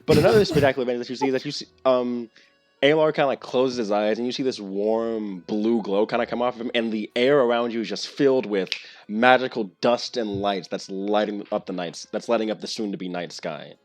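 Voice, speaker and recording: A man's voice: medium pitch, steady tone, fairly quick. A man narrating as game master of a tabletop game, rambling with many fillers.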